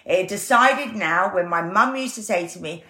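A woman's voice: mid-range voice, normal speed. A woman, a guest telling her story candidly and acting out the voices she quotes. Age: 50s. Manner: animated, acts out quoted voices.

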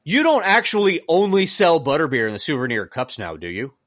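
A man co-hosting a casual podcast, telling a story as an exasperated rant. His pitch swings widely and he mimics the people he argues with. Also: a little fast. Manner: animated, exasperated ranting with mocking quoted voices. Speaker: podcast co-host.

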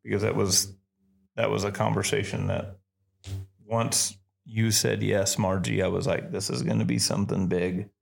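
A man hosting a casual interview podcast, talking earnestly and haltingly, repeating words as he gathers his thoughts. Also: lowish voice, flat delivery, creaky. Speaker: podcast host.

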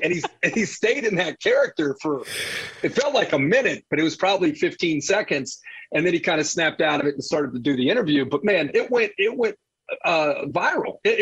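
Lively, husky-voiced middle-aged man telling stories. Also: fairly high pitch, highs cut off. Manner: animated, laughing storyteller with many restarts. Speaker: college football analyst, guest. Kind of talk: casual storytelling interview.

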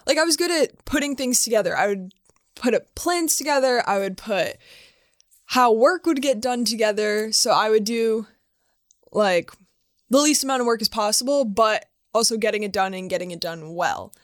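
A woman's voice: fairly high pitch, expressive, normal speed, dry recording, studio quality. A young woman in casual chat, teasing and rambling.

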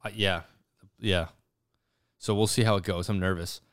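Young male guest, relaxed storyteller, casual chat, dry close mic. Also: deep voice, moderate pace, no echo. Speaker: guest, YouTuber.

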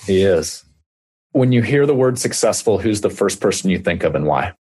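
A man with a Kansas accent hosting a podcast, friendly and relaxed in casual conversation. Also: on the low side, moderate pace, husky. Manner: friendly, relaxed, calls guest buddy. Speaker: podcast host. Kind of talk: casual interview chat.

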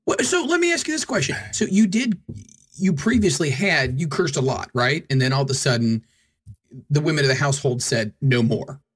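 A middle-aged man co-hosting a podcast, jokey and quick to laugh as he chats. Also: animated. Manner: jokey, laughs often, swings his pitch widely. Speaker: podcast co-host. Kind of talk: casual podcast chat.

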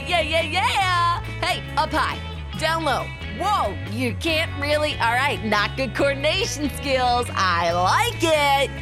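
A woman's voice: sits high, expressive, slow, over music, pitched above the performer's own voice. A woman voicing an upbeat, heavily pierced young female store clerk in a tabletop game, gushing sales patter. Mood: excited.

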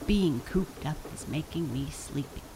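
High, wonder-struck young critter voiced by a woman for a storybook, unhurried. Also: background noise.

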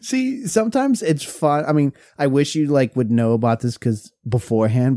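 A man's voice: medium pitch, normal speed, hardly any pauses, warm tone, dry recording, clean studio sound. A man co-hosting a podcast in casual chat, rambling and restarting as he goes. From Pennsylvania. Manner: rambling, restarts often, laughs while telling stories. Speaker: podcast co-host.

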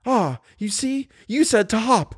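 A frightened young woman crying out high and urgent, as a man puts her on. Her pleas swing widely in pitch, and the recording is dry. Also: lively intonation, measured pace, slightly rough, no room sound, exaggerated voice. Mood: desperate. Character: terrified young woman, desperate and pleading.

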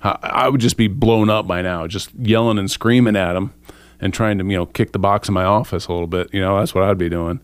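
Low, smooth-voiced man, casual Bible study chat, lively and self-mocking, dry close sound. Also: brisk, no room sound. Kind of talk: casual group discussion.

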